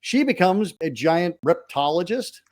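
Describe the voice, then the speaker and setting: Film-buff podcast co-host, man, a bit higher voice, eager and talkative. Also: animated, a little slow, darkish tone. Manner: enthusiastic, shares film trivia. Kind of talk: casual movie review chat.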